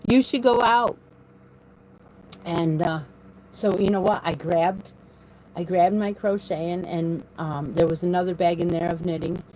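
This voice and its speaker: A woman's voice: lowish voice, little pitch movement, moderate pace, dark tone, a little hiss or hum, rough recording. A woman hosting a casual live stream, rambling and laughing often, speaking into a phone propped on her desk in a room at home. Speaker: crochet channel host.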